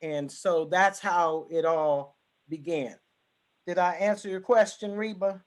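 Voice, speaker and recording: A woman's voice: fairly low pitch, slow pace. Emphatic woman telling her story. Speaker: guest speaker. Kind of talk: personal testimony.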